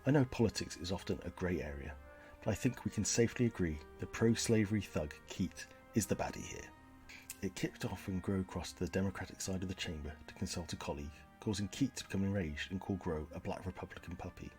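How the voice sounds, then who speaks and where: A man with a low voice hosts a comedy podcast. He delivers his jokes and history bits in a deadpan, mock-earnest way. Faint music plays behind him. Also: fast talker. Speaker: podcast host.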